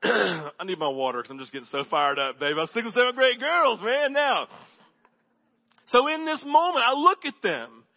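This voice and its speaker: High-voiced animated male pastor preaching. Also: normal speed, creaky, dull audio. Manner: animated, swings to low intense quiet. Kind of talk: sermon with storytelling.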